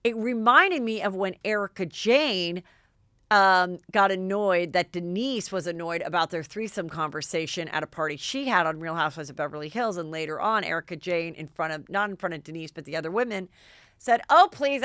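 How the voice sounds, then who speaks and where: Animated gossiping woman host, smooth and dry. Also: lowish voice, brisk, no room sound. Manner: animated, acts out quotes in raised voices. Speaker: podcast host. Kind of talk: gossipy recap of reality TV.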